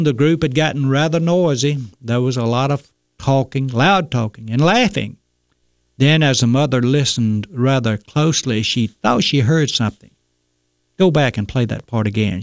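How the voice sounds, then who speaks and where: A man hosting a radio commentary segment, telling a story in a measured, folksy way. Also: medium pitch, no room sound, clean studio sound.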